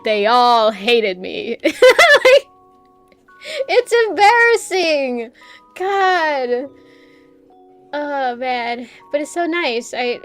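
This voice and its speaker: A young adult woman streams herself drawing while chatting casually. She rambles, pokes fun at herself and laughs often, her voice sitting high.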